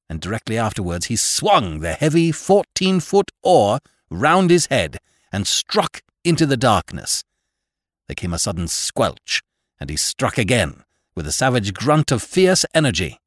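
A male audiobook narrator with a low voice reads a first-person horror tale in a hushed, suspenseful way. His pitch moves a lot, sinking to near whispers and rising sharply on the tense moments. The sound is close and dry, with no room around it. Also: big pitch swings, normal speed, no echo. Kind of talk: dramatic first-person story reading.

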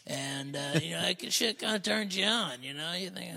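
A man's voice: on the high side, expressive, normal speed, gravelly, sharp tone, breathy edge. A man co-hosting a comedy podcast, joking crudely in casual banter. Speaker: comedian co-host.

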